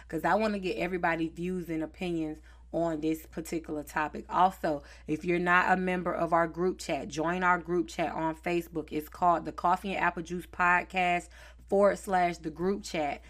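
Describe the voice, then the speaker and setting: A woman's voice: fairly low pitch, steady tone, normal speed, a bit bright. A woman from North Carolina with a Southern accent, hosting a podcast in a chatty, easygoing, slangy way. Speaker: podcast host. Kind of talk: casual podcast chat.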